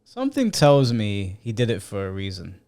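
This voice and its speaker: A man's voice: lowish voice, huge pitch swings, normal speed, a little mellow, clear, resonant tone. A young man co-hosting a podcast, reacting in a blunt, dry and mocking way. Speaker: podcast co-host. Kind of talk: casual reaction chat.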